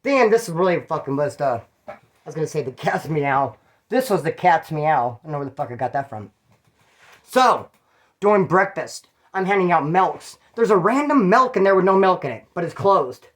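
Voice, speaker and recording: A man's voice: a little high, expressive, moderate pace. A man from California telling stories in a casual, rambling way, full of street slang and swearing. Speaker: channel host telling prison stories. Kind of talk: casual storytelling.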